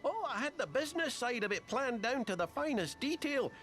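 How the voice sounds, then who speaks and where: Brief: genial folksy male restaurant backer for a video game cutscene, high and animated. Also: fairly quick, soft background music, exaggerated voice. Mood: cheerful. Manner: folksy, warm-hearted speech with old sayings.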